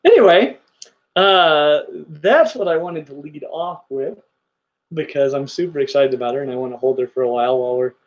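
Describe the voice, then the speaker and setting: A man's voice: fairly high pitch, normal speed, dull audio. A middle-aged man hosting a casual reptile livestream, gushing enthusiastically about his animals. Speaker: reptile channel host.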